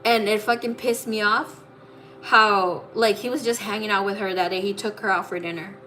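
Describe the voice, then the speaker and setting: A woman's voice: mid-range voice, fairly even intonation, normal speed, sharp tone, soft background music. A woman who reads tarot as a psychic, telling a personal story in a casual, blunt way, swearing freely and using many fillers. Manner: blunt, profane, full of fillers.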